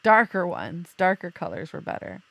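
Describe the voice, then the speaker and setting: A woman's voice: lowish voice, big pitch swings, moderate pace, creaky, fairly bright tone, no echo. A woman hosting a podcast in casual, chatty talk, rambling loosely and laughing easily. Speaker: podcast host. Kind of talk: casual chat.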